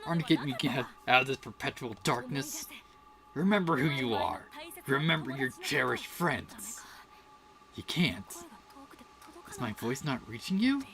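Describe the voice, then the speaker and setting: A woman voicing a brash, loyal comrade who shouts urgently to rouse a friend. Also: very deep voice, animated, a little slow, creaky, pauses often, exaggerated voice. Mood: urgent pleading. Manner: loud, urgent and scolding.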